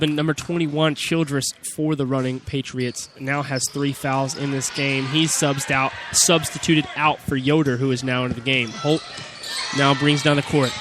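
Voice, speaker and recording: A young man calling a high school basketball game play-by-play in quick, clipped calls that burst into shouts on big plays. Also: background noise. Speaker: play-by-play announcer. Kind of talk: amateur basketball play-by-play commentary.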